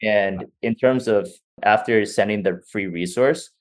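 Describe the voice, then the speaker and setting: A man's voice: lowish voice, measured pace. A man asking his coach questions on a call, hesitant and full of fillers. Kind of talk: casual call.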